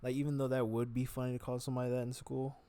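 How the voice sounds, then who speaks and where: A man's voice: medium pitch, level tone, rapid-fire, warm tone. A young man vlogging in a loose, unscripted monologue to the camera. He swears freely and often breaks into acted-out quoted voices. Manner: rambling and profane, with sudden jumps into acted-out quoted voices. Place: on camera, gesturing with hands.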